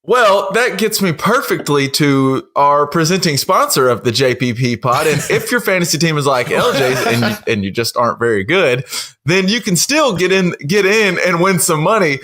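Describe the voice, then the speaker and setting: An easygoing man hosts a casual sports podcast and laughs often. His voice sits fairly high and sounds bright and forceful. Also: expressive, normal speed. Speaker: podcast host.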